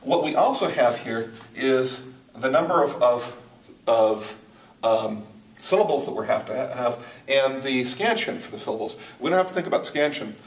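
At the whiteboard, a man works through a poetry lesson, restarting often and filling gaps with fillers as he thinks aloud. His medium-pitched voice is lively in intonation, at normal speed, picked up from a distance in a roomy room with slight background noise.

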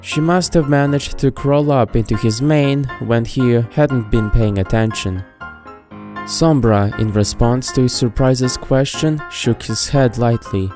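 A woman reads a storybook aloud at a steady, even pace. Her voice is very deep and dark, with a mellow tone. Faint music plays behind her. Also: a little slow. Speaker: narrator. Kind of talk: storybook narration of fan fiction. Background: faint background music.

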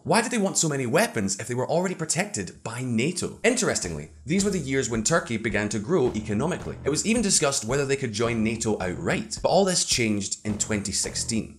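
A man's voice: medium pitch, sing-song, a little fast, slight background noise. A man hosting a scripted explainer video, narrating in a playful, conversational way full of rhetorical questions.

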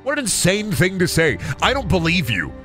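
A man streaming a video game, talking crudely and excitably and laughing often. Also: high-pitched, moderate pace. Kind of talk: casual gameplay commentary. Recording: music playing behind the voice.

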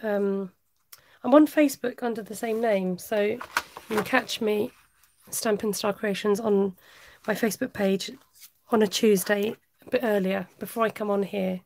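A woman's voice: medium pitch, fairly even intonation, unhurried, slight background noise. An English woman with a slight West Country twang, chatting and laughing with viewers while she works on a live craft stream. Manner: warm chatty, laughs often, talks while working. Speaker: craft livestream host.

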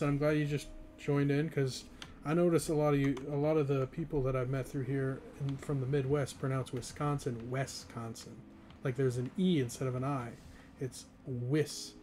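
A man's voice: mid-range voice, a little mellow, a little hiss or hum. A young man in his twenties, from the northeastern US, chatting casually and rambling with chat while streaming a game, often laughing.

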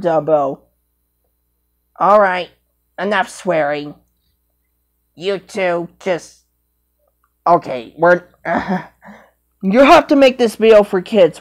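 A woman scolding and bantering through improvised toy play, repeating herself with sudden high loud cries. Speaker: vlogger.

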